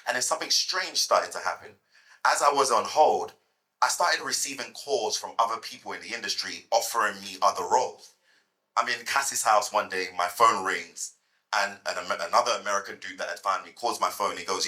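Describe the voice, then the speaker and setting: A man in his thirties, a guest at a fireside chat, telling lively anecdotes to a live audience and repeating words as he goes. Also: lowish voice, fairly quick, poor audio.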